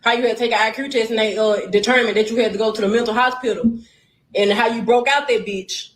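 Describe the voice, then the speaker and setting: A woman's voice: a little high, fairly even intonation, quick pace, reverberant, slight background noise, rough recording. A woman talking bluntly on a casual livestream, heated and cursing. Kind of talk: casual livestream and phone talk.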